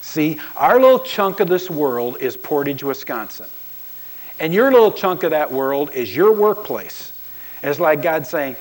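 A man's voice: fairly high pitch, sing-song, unhurried, low-quality recording. A man preaching a sermon as a pastor, telling stories and acting out quoted voices with emphasis.

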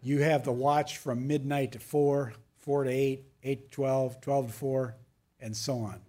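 A man's voice: medium pitch, fairly even intonation, unhurried, mellow. A man preaching a verse-by-verse sermon as pastor, reading verses with emphasis and adding casual asides to the congregation.

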